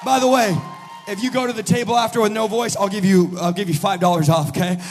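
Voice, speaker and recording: Man preacher, very high voice, shouted revival sermon, chants each line with a sung "uh", faint music underneath. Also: fairly even intonation, fast, a faint crowd. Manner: punctuates phrases with a sung "uh"; chanting sing-song preaching cadence. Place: revival meeting hall.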